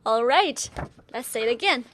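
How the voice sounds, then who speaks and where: A woman teaching pinyin pronunciation, demonstrating each sound slowly and repeating syllables for learners. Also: on the high side, animated, fairly bright tone. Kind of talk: slow instructional pronunciation lesson.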